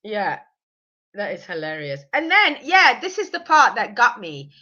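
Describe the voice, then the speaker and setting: In a casual review chat about a reality show, a woman with a light cold is talkative, opinionated, and mocking. Her medium-pitched voice swoops wildly and sounds bright and forceful, on lo-fi audio.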